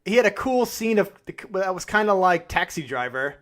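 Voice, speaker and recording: Lively, laughing male podcast co-host. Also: high voice, normal speed. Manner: animated, laughs often, swears casually. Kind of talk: casual film chat.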